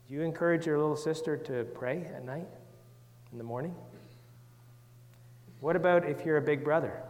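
A man giving a gentle Bible talk to children, reading verses and asking them questions. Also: mid-range voice, normal speed, long pauses, big-room sound. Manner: gentle, reads scripture aloud, asks the children questions. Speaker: children's Sunday school teacher.

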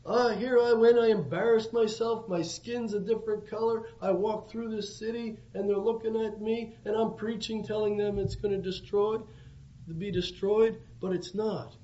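A man's voice: high voice, fairly even intonation, normal speed, warm tone, recorded from a distance, voice pushed up, lightly acted. A man voicing the prophet Jonah, frustrated and complaining with indignant self-pity. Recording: dull lo-fi recording.

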